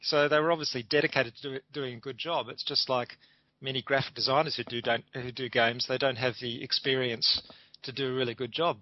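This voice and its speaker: A man's voice: mid-range voice, fairly even intonation, brisk. A middle-aged man, a graphic designer, answering interview questions in an enthusiastic, chatty way with frequent ums. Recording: dull lo-fi dry sound.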